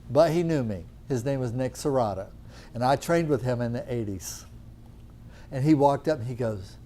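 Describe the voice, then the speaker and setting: A man's voice: fairly high pitch, a little mellow, slight background noise. A middle-aged man who teaches natural medicine tells a rambling anecdote to a class, acting out the dialogue with lots of chatty fillers.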